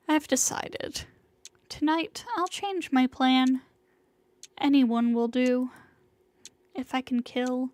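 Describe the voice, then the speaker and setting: A woman streamer reading a visual novel aloud in a dramatic, hushed way, sometimes sinking into whispers. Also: high voice, no room sound. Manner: slow and hushed, sinking into whispers in tense passages.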